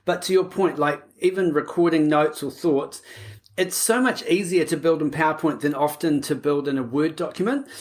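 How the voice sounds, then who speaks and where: A woman co-hosting a casual podcast, chatty and quick to laugh. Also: sits low, darkish tone. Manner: chatty, laughs often, says "like" a lot. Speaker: podcast co-host. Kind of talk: casual chat.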